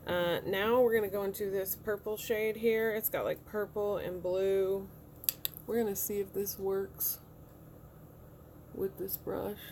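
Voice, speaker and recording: A woman's voice: mid-range voice, a little slow, slight background noise. Chatty woman talking through her makeup. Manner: chatty, relaxed, talks through each step. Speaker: beauty vlogger. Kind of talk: casual makeup tutorial talk. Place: home room.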